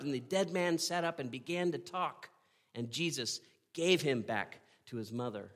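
A man preaching a sermon, retelling a story with earnest drama, pausing and asking "right?". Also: mid-range voice, fairly bright tone. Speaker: pastor.

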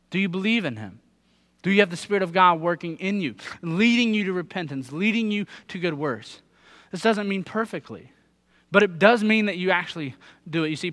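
A pastor in his thirties delivers a sermon in a high, bright, forceful voice. He preaches earnestly and puts direct questions to his listeners.

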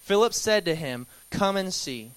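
A young man teaching a Bible study at church in a relaxed, conversational way, with filler words and restarts. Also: sits high, measured pace, clear, resonant tone, no room sound, rough recording. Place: church hall.

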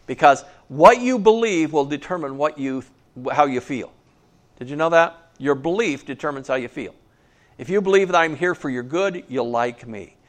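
A man's voice: a little high, animated, normal speed. A man preaching a sermon in a conversational way, often checking in with "okay?" and adding wry asides. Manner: conversational, keeps asking "okay?". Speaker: pastor.

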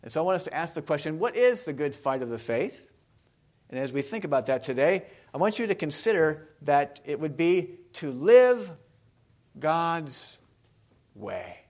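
Man preaching with lively questions. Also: fairly high pitch, a little slow. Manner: conversational preaching, asks the congregation questions. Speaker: pastor. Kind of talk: sermon.

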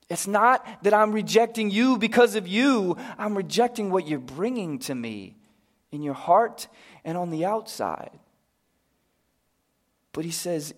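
Pastor, male, slow deliberate sermon delivery, slightly high voice, earnest, softens for appeals. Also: lively intonation. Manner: earnest, drops to a hushed voice for appeals.

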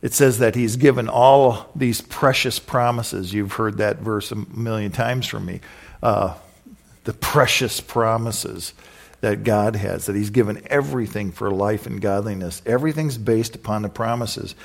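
Male preacher, low gravelly voice, chatty sermon style, repeats himself for emphasis. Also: measured pace. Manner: conversational, repeats phrases, acts out quoted voices. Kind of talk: casual sermon with personal stories.

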